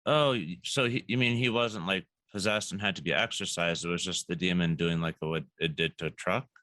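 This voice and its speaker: A man's voice: low voice, moderate pace, pushed and bright, no room sound. A man on a podcast, asking curious follow-up questions about a show in casual chat. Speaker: podcast co-host.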